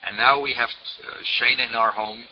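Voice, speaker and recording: A man in his sixties, a rabbi, tells a story in a sermon at a middle pitch. He repeats words again and again for emphasis. The recording is dull and lo-fi, with a faint hiss behind him. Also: fairly even intonation, normal speed.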